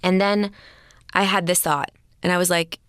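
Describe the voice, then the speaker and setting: A young woman, a guest on a podcast, telling a story in a lively, animated way. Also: on the low side, moderate pace, no echo, clean studio sound. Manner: lively, animated, acts out her own thoughts. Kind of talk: conversational storytelling.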